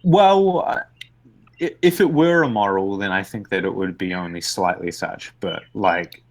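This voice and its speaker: A man's voice: sits low, a little slow. A man with a New Zealand accent in casual discussion, thinking aloud with many hesitant restarts. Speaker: podcast co-host.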